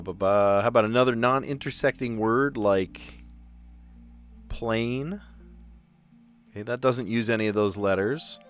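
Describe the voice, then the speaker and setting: A man's voice: fairly low pitch, a bit bright. A middle-aged man, a teacher, chatting casually as he solves word puzzles aloud, muttering letters and laughing at himself.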